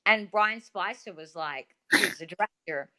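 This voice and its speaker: A woman with an Australian accent, a guest telling stories in a chatty, animated way full of fillers, over a video call. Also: medium pitch, measured pace. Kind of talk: casual interview talk.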